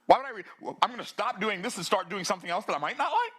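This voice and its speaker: Fired-up man in his sixties, bright voice. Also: rapid-fire, slightly rough. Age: 60s. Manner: fiery, preachy, swings between low intensity and excited bursts. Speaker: summit speaker. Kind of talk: motivational talk.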